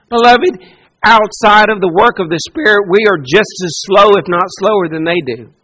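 A man's voice: high voice, pushed and bright, low-quality recording. A man preaching a sermon with passion, repeating phrases for emphasis and acting out quoted speech. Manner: impassioned, repetitive preaching with dramatic quoted speech. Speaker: pastor.

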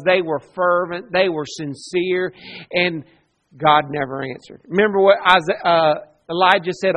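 This man preaches with a fairly high pitch, swinging from loud emphasis to quiet asides while acting out the people he quotes.

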